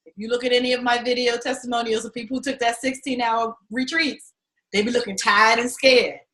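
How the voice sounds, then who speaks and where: A middle-aged woman coaching a class, talking candidly and with lots of swearing as she tells lively stories and pitches her course. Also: fairly quick, poor audio. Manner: candid and profane, animated storytelling. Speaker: acting and fundraising coach. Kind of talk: casual teaching pitch.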